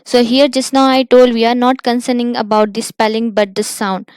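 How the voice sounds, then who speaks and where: A woman's voice: on the high side, level tone, normal speed, darkish tone, clean tone, dry recording. A woman teaching pronunciation, patiently repeating example words one by one. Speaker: English teacher. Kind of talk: pronunciation lesson.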